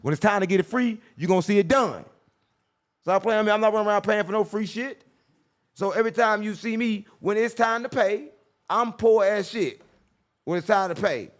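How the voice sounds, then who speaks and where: Male podcast host: fast, profane, preachy, voice sitting a bit high. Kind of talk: casual podcast chat.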